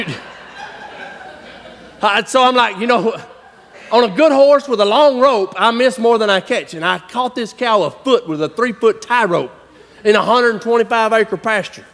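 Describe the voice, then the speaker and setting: Man, animated folksy sermon storyteller, high voice, reverb from a big hall. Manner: folksy, animated, laughing, bursts of shouting. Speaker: conference speaker. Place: large church hall.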